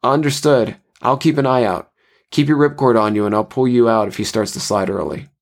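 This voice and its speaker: A man voicing a brisk male radio operator who speaks in crisp radio procedure. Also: mid-range voice, fairly even intonation, lightly acted. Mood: steady.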